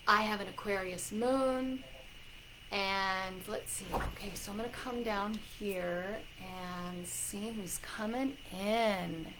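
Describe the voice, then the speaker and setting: A woman hosting a casual livestream as a psychic coach, warmly greeting viewers by name with loud excited bursts. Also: mid-range voice, noisy background.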